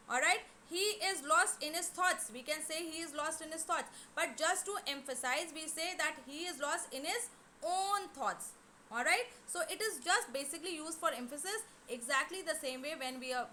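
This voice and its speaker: A woman teaches grammar, explaining patiently and filling pauses with "you know". Her voice sits high and sounds bright and clear. A faint hiss stays under the recording. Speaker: English teacher. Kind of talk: online class lesson. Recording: faint background noise.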